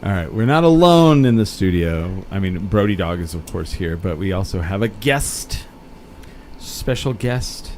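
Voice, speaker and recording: A man's voice: deep voice, animated, unhurried, a little mellow, slight background noise. A man hosting a podcast in a studio, joking around in casual chat and acting out little voices when he tells a story. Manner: jokey, acts out voices in quotes. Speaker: podcast host. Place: studio with air conditioning running.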